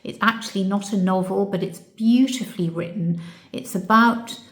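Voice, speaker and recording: A woman's voice: medium pitch, moderate pace. Reflective woman vlogger, roomy sound. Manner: warm, reflective, gets emotional. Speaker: channel host. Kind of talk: casual Q&A chat to camera. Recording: echoey room.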